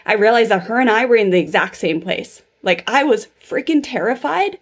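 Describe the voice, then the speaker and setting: A woman's voice: fairly high pitch, lively intonation, brisk, slightly rough. A woman in her thirties hosting a podcast, telling a personal story in a chatty way full of fillers. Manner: chatty, filler-heavy storytelling with lots of 'like' and 'super'. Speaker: podcast host. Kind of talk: casual interview chat.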